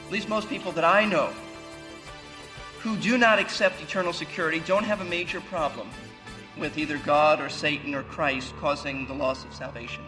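A man's voice: fairly high pitch, normal speed, music in the background, poor audio. A man teaching a Bible sermon as a pastor, emphatic and fond of rhetorical questions. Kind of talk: expository sermon.

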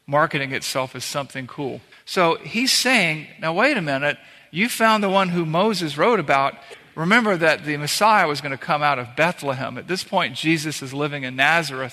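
A pastor with a fairly high, sharp-toned voice preaches a sermon conversationally, working through scripture verse by verse with punchy repetitions. The long reverb of a large hall surrounds him.

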